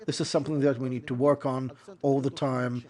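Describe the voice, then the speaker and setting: Male lecturer in voice-over, mid-range pitch, measured and explanatory, given to restating points. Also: flat delivery, dark tone. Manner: measured explanatory delivery with restatements and self-corrections. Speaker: lecturer on interpreting.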